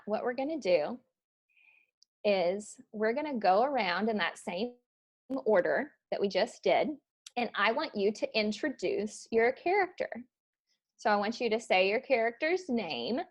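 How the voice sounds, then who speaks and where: Casual female improv instructor. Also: mid-range voice. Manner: casual, with many fillers. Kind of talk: online class teaching. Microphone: video call.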